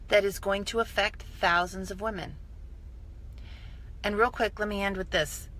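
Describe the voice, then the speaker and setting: A woman's voice: mid-range voice, bright, forceful tone. A woman giving an enthusiastic, emphatic motivational talk on a live stream from her phone, repeating her points for emphasis. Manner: enthusiastic, emphatic, builds with repetition. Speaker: direct-sales business mentor.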